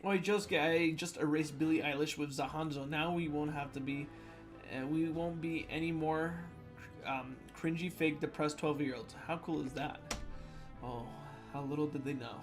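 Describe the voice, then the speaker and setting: A man reading submitted fan jokes out loud in a playful comedic voice, with sudden loud swings. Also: a little high, steady tone, moderate pace, music in the background.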